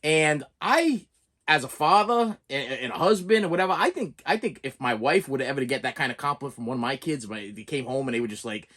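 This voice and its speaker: A middle-aged man, a teacher and father, talking casually and at length to his viewers in an animated, repetitive way. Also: mid-range voice, a little fast. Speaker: preschool teacher and collector vlogger. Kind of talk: casual rambling monologue.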